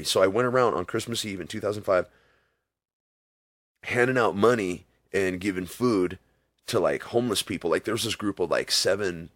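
A man's voice: low-pitched, normal speed, no room sound. A man in a casual interview, telling rambling stories and acting out quotes along the way. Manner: rambling storytelling with acted-out quotes.

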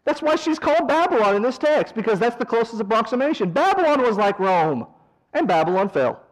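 A man leading a verse-by-verse Bible study, animated, swinging from loud emphasis to quiet asides and mocking mourners in a whiny voice. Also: very high voice, fairly quick, low-quality recording. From American South. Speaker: Bible teacher.

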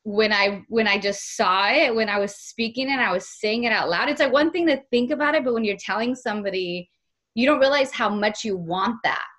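A woman's voice: a little high, brisk, a bit bright. A woman hosting a podcast, chatting casually and effusively, easily moved to emotion. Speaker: podcast host. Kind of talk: casual interview chat.

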